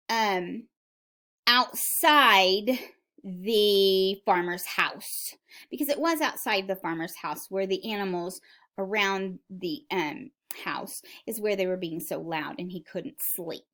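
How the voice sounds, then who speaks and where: A teacher with a bright, clear voice records a lesson for young children. She talks slowly and in a sing-song way, checking in with her listeners again and again. She refers to herself by her own name instead of saying "I". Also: mid-range voice. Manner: sing-song, questioning, speaks of herself in the third person.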